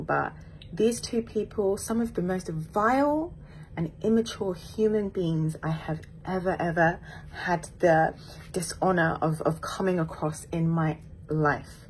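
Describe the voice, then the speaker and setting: A woman's voice: deep voice, a little hiss or hum, rough recording. A British woman from the UK speaking frankly and evenly in a personal vlog. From United Kingdom. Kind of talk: personal vlog recounting an incident.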